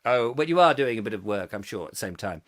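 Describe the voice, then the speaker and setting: A man's voice: lowish voice, lively intonation, fast, fairly bright tone. A man hosting a comic live chat show, reading out viewer comments in a rambling, playful and self-mocking way.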